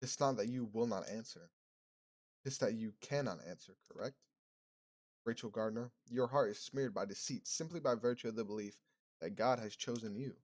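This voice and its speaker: A man's voice: mid-range voice, moderate pace, close to an everyday voice. A man voicing a stern male priest who judges a woman as a witch, speaking in archaic, solemn tones. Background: game music.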